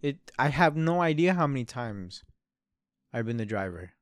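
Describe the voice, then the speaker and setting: A young man in his early twenties rambles through a story, full of swearing and "bro". His voice is clean and smooth, at an ordinary male pitch. It is recorded close and dry, with no room sound. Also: sing-song, moderate pace, dry recording. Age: 20s. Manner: rambling and profane, with frequent "bro" and "dude". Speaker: podcast host. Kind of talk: casual storytelling.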